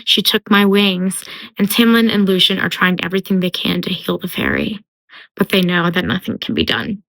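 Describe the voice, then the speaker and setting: A woman's voice: on the low side, steady tone, brisk, gravelly, fairly bright tone, poor audio. A young woman casually summarizing a book, chatty and full of filler words, slipping into character voices. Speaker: book commentator.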